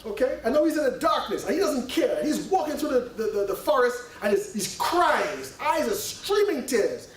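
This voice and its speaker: A man preaching to a gathering, his high voice swooping up and down as he tells a story. He talks casually, checking in with his listeners as he goes. He is caught from a distance in a roomy hall with faint ambience. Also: moderate pace, hardly any pauses, slight background noise. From Canada. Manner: animated, conversational, peppers talk with "right?" and "you know". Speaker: sheikh giving a religious lecture. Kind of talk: sermon with storytelling. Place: lecture hall. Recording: echoey hall, distant mic.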